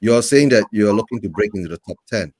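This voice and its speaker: A man's voice: on the low side, expressive, fast talker, a little mellow, no room sound. A man hosting a podcast, asking football questions and ending with "right?". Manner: asks questions, tags "right?". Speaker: podcast host. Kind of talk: casual interview questions.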